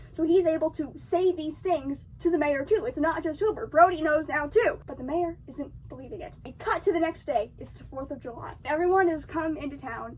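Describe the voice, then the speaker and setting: A woman's voice: high voice, a little mellow, recorded from a distance, slight background noise. A young woman retelling a film's plot in a chatty, slangy way, acting out the characters' lines as she goes. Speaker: video essayist. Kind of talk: casual film recap.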